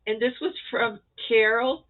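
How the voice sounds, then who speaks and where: A woman chatting casually and excitedly as she shows off crochet squares for a vlog. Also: on the high side, measured pace. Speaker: crochet vlogger. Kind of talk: casual show-and-tell chat. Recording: tinny phone-like sound.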